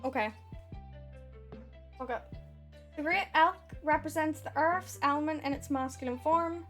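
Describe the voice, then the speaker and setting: A woman's voice: sits high, measured pace, fairly bright tone, soft background music. A woman, chatting casually on a live stream while reading oracle cards, giggly and swearing, with a sore throat.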